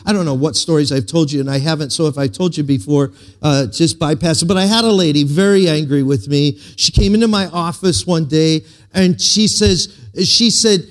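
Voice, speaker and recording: A male pastor preaching a sermon in a voice set a little high for a man. He tells a story, drawing out emphatic lines slowly and then dropping into quiet asides.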